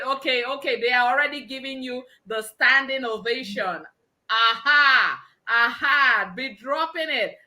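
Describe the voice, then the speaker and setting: A woman hosts a live conference with exuberant energy, exclaiming and laughing often. Her voice is high and bright, and she takes her time between her words. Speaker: conference host. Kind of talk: energetic live event hosting.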